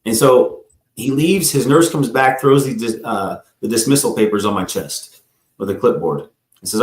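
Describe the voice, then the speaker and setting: A man's voice: medium pitch, moderate pace. A man who is a guest on a live talk show, telling a long personal story in a rambling way, acting out the people in it and often addressing the host by name. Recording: roomy echo.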